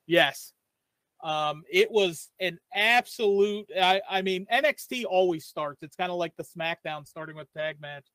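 A man co-hosting a podcast, talking about a match in an animated, rambling way. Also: sits high, measured pace, no room sound, rough recording. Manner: animated, rambling, with many fillers and restarts. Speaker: podcast co-host. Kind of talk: casual wrestling chat.

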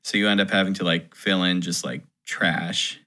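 A man's voice: low voice, fairly even intonation, normal speed, sharp tone. A man, a touring musician, telling a story in casual podcast chat, rambling and full of "like". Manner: rambling, heavy use of "like".

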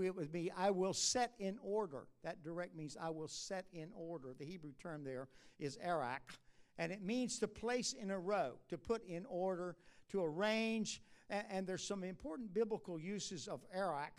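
A man delivers a sermon at a church conference in a conversational manner, stumbling through restarts and stretched-out "uh" sounds. Emphatic lines lift his voice, while asides come out low and soft.

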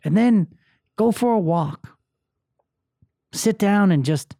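A man's voice: high voice, animated, slow, creaky, mellow, dry recording, studio quality. Blunt, profane man venting on his podcast. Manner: blunt, profane, emotionally open. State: angry, having a bad day. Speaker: podcast host. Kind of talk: solo motivational podcast monologue.

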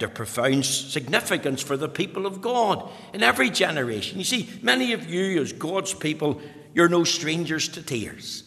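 A man preaching a sermon, reading scripture slowly and building to impassioned emphasis. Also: sing-song, creaky, pushed and bright. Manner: rises to impassioned, high-pitched emphasis; slow, deliberate scripture reading in old-fashioned wording. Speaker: pastor. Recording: long hall reverb.

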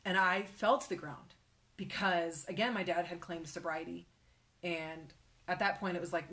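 A young woman with a slightly low voice tells a personal story in an unscripted interview. She speaks in halting bursts full of fillers and often sinks to a near whisper. Her delivery is heartfelt and conversational. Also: steady tone, a bit bright. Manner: emotional, halting, many fillers, drops to a whisper. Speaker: guest sharing her faith story.

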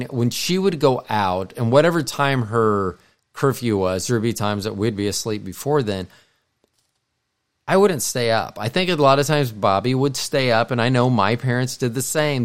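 A middle-aged man hosting a casual podcast, his voice sitting at an ordinary, middle pitch for a man. He talks in a loose, meandering way, doubling back to restart and correct himself as he goes. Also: lively intonation, moderate pace. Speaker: podcast co-host. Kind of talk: casual rambling monologue.

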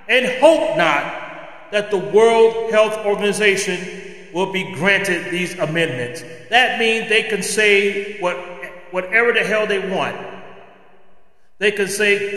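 Angry male podcaster, slow deliberate rant, roomy reverb. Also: sits high, bright, forceful tone. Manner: angry, ranting. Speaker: podcast host. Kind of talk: political commentary monologue. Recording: roomy echo with long reverb.

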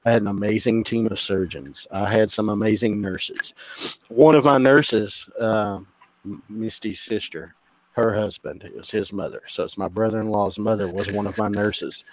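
Low-voiced man, blunt and candid. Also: normal speed. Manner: candid, emotional, heavy swearing. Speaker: podcast guest. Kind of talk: casual storytelling.

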